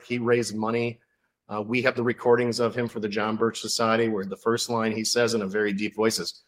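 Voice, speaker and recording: A man's voice: fairly low pitch, fairly quick. A male author, a guest on a podcast, telling a story in a casual interview with lots of fillers. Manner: animated storytelling, many fillers.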